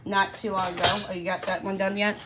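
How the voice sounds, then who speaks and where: A woman's voice: mid-range voice, flat delivery, fast talker, very noisy. A woman, chatting casually and folksily to her viewers while stuffing cash envelopes. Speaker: budgeting vlogger. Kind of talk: casual chat to camera.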